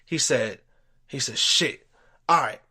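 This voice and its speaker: A young man hosting a podcast, telling a story in a casual, profane, animated way. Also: medium pitch, slow pace, breathy edge. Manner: animated, profane, retells quotes with voice jumps. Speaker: podcast host.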